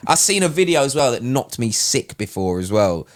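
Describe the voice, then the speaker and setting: A man's voice: mid-range voice, very animated, normal speed. A man co-hosting a podcast, talking animatedly and swearing a lot. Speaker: podcast co-host. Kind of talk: casual chat.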